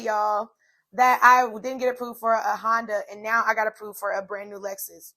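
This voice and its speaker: A woman's voice: on the high side, moderate pace, pushed and bright. A woman in her twenties hosting a solo podcast, telling a personal story in a chatty, casual way with many fillers. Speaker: podcast host.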